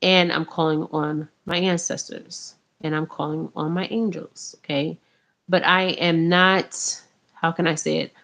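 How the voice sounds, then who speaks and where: A spiritual vlogger with a low, creaky, somewhat bright voice chats casually to camera about her spiritual path, calling her viewers "you guys." She rambles with lots of ums and keeps repeating "okay?"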